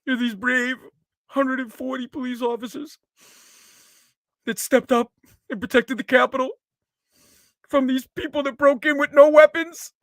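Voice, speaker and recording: A man's voice: very high-pitched, little pitch movement, moderate pace, vocal fry, no room sound, voice pushed up, exaggerated voice. Brief: a man sending up a pompous, self-pitying lawmaker, dry close sound. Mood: mocking, theatrical. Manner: sarcastic parody, rising to a shout. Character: mock-solemn male politician, theatrical and self-pitying.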